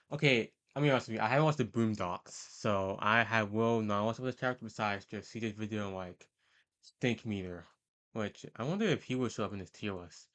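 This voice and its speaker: This video host has a fairly low pitch and a fairly bright tone as he ranks characters. His tier-list talk is casual and meandering, marked by frequent hesitation, fillers and corrections mid-sentence.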